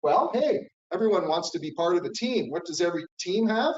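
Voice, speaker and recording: A man's voice: high voice, sing-song, fairly quick, a little mellow, a little hiss or hum. A middle-aged man giving a conference keynote in a coaching tone, often checking in with "right?" and "okay?". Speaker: keynote speaker. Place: conference hall. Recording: echoey hall, dull lo-fi sound.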